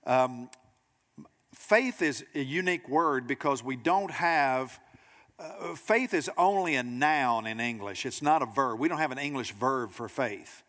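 A man preaching a sermon to a congregation, lively and direct, acting out quoted voices and asking the room questions. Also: medium pitch, measured pace, big-room sound. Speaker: pastor. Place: church sanctuary.

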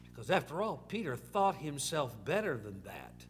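A man's voice: a little high, very animated, normal speed, soft background music. A male pastor preaching a sermon in a folksy, repetitive storytelling way, dropping in "amen"s.

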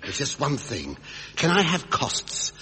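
A man's voice: medium pitch, huge pitch swings, slow, bright, forceful tone, long reverb tail. A male comedian hosting a 1970s radio comedy sketch, with a camp, exasperated, wheedling manner. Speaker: comedian and host. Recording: live audience, heavy noise.

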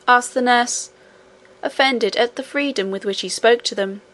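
A woman's voice: fairly high pitch, normal speed, a bit bright. Woman narrating a classic children's book. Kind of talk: audiobook narration.

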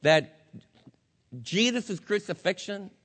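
A man's voice: high-pitched, expressive, takes it slowly, a bit bright. Earnest male pastor in an echoing hall. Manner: conversational, earnest, speaks straight to the congregation. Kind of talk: funeral sermon. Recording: long reverb of a hall.

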